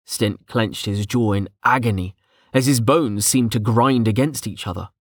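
With a fairly low voice at normal speed, this man narrates an audiobook from a script in a steady, even storytelling style. The recording is dry and studio-clean.

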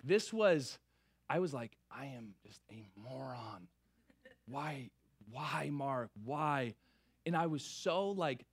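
A young man preaching, telling a funny story from his early marriage in a lively, playful way before turning earnest. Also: medium pitch. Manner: animated, playful storytelling with big swings in energy. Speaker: pastor. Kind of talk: sermon with a personal story.

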